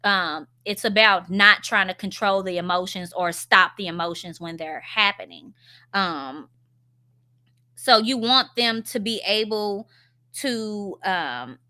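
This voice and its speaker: A woman's voice: medium pitch, takes it slowly, sharp tone. A woman talking casually about parenting, conversational and full of fillers, acting out example phrases for parents. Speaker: parenting speaker. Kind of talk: casual explanatory talk.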